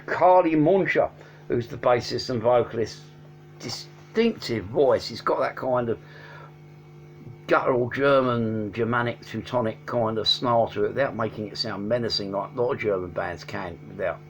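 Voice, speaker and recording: A man's voice: mid-range voice, moderate pace, soft background music. A man casually reviewing albums at home, rambling with many ums and restarts but enthusiastic. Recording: dull lo-fi sound with faint hum.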